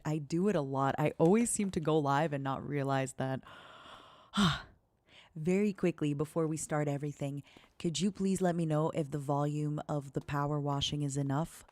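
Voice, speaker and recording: A young woman streaming, chatting gently and slowly in a soft, cozy way. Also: low voice, no echo. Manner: gentle, talks slowly and softly.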